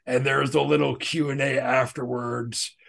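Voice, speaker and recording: A man's voice: mid-range voice, level tone, moderate pace, creaky, fairly bright tone. A man co-hosting a podcast, chatting casually and telling profane, rambling stories. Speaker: podcast co-host. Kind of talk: casual chat.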